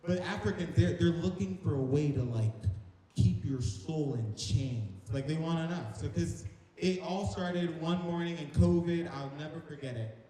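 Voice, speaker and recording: Young male stand-up, playful and chatty, slightly high voice, heavy reverb. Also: moderate pace, dark tone. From North Carolina. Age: young adult. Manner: playful, chatty, audience-teasing. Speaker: stand-up comic. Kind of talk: stand-up comedy. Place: large echoing hall on stage. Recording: echoey hall reverb.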